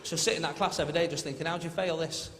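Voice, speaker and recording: A man's voice: fairly high pitch, steady tone, rapid-fire, very noisy. A man doing a stand-up comedy routine, chatty storytelling with mimicked voices, recorded live in a large theatre. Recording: live theatre with long reverb and loud crowd. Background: loud audience laughter.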